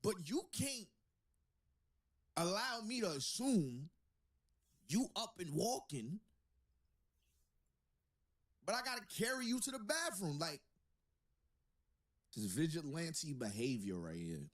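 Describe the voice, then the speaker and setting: A man's voice: on the high side, sing-song, slow, long pauses. A man hosting a podcast, reacting with incredulous jokes and laughter in casual banter. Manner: incredulous, joking commentary with laughter. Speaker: podcast host.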